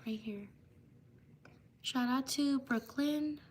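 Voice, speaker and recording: A woman hosting a livestream, reading viewers' names for shout-outs in a slow, repetitive way. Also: sits high, a little hiss or hum. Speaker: livestream host.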